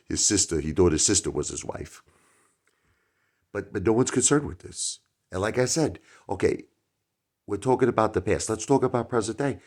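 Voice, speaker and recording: A middle-aged man hosting his own channel, talking casually in a rhetorical opinion monologue that swings from loud outbursts to muttered asides. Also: deep voice. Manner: animated, rhetorical, jumps between loud and mumbled asides. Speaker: YouTube channel host.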